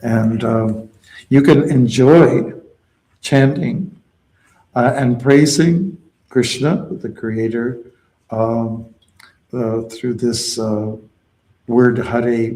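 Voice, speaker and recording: A man leads kirtan as a devotional teacher, patiently explaining a mantra and calling out chant lines for the group to repeat back. His voice is medium-pitched, steady and mellow, and he speaks extremely slowly with frequent pauses. The recording is rough.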